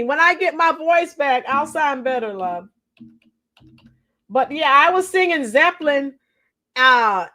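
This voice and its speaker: Hoarse teacher lady on a livestream, high bright voice, slow chatty rambling, singing along now and then. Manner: chatty, sings along to rock songs, greets viewers by name. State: hoarse, lost her voice from singing. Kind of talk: casual livestream chat with viewers.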